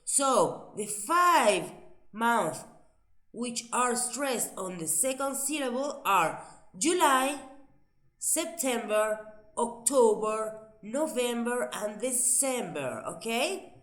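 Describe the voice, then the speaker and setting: A woman's voice: a little high, expressive, slow, fairly bright tone, roomy sound. Patient woman teaching English. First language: Spanish. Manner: patient, repeats answers back, switches to Spanish to explain. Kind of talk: classroom teaching.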